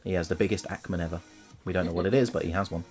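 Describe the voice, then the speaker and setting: A man's voice: low voice, fairly even intonation, very fast, darkish tone, soft background music. A man, chatting casually and jokingly while streaming himself painting miniatures. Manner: chatty, jokey, rambling. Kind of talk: casual chat.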